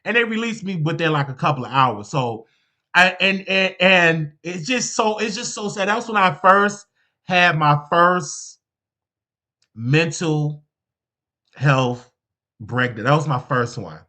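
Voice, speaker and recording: Expressive male host, very bright voice. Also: fairly high pitch, measured pace. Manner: expressive storytelling with loud exclamations. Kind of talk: commentary reacting to a clip.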